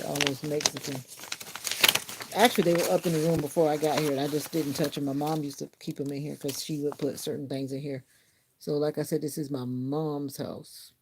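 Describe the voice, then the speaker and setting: Low, gravelly-voiced woman chatting on a stream. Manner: rambling, laid-back and joking. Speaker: livestream host. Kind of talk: casual chat to viewers. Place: her bedroom at home. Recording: noisy home livestream.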